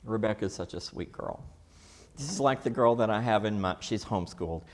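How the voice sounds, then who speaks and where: A man's voice: lowish voice, brisk. A man teaches a Bible class in a church classroom. His manner is folksy and casual, and he keeps quizzing the students as he goes.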